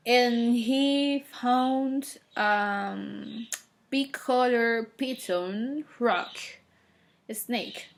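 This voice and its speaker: Slow, hesitant woman retelling a story. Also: a little high, gravelly. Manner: hesitant, many fillers and restarts.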